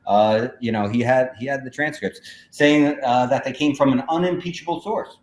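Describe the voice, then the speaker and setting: A man's voice: medium pitch, normal speed. A man casually telling a story on a livestream, rambling with many fillers while he clicks through slides. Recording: echoey room with faint noise.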